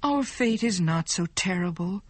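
A woman voicing a bitter, poisoned young man in a slow storybook reading. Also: fairly low pitch, lively intonation, no echo. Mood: gentle. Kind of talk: storybook narration.

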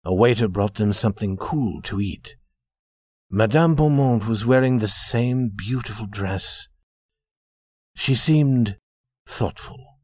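A man narrating a story in a measured, expressive scripted reading. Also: fairly low pitch.

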